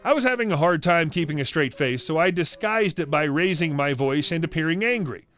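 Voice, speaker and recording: Man narrating a story with lively pitch. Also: brisk, soft background music. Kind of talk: scripted narration.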